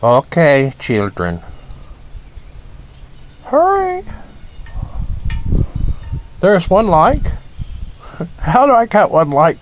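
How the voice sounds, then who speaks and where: A man's voice: a little high, huge pitch swings, slow, dull audio, a little hiss or hum. A man from Ohio hosting a casual livestream from his front porch, rambling, chuckling often and greeting viewers by name. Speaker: livestream host.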